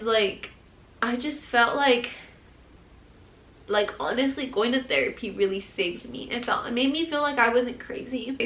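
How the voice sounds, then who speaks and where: A woman's voice: on the high side, a bit bright. A woman sharing her own experience in a candid vlog, rambling and emotional and filling her speech with "like". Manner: rambling, heavy use of "like", emotional and open. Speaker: mother sharing her postpartum depression story. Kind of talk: candid personal storytelling vlog. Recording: roomy echo.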